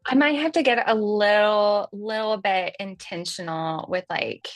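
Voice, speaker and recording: A woman in her thirties with a light Southern accent, hosting a casual software tutorial in a chatty, folksy way. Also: medium pitch, a little slow, no room sound. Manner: chatty and folksy, says y'all, laughs at herself. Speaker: livestream host demonstrating software.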